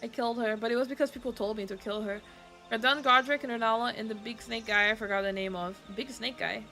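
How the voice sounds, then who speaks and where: A woman's voice: on the high side, fairly even intonation, fast talker, pushed and bright, faint music behind. A woman, a Portuguese speaker, chatting casually on her stream and laughing often. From Brazil. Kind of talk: casual chat.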